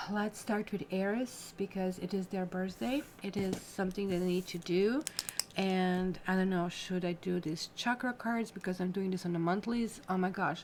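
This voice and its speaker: A woman's voice: lowish voice, a little hiss or hum. A woman hosting a casual livestream tarot reading. She talks in a chatty, rambling way, speaks straight to her viewers and reacts to their comments. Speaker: tarot reader.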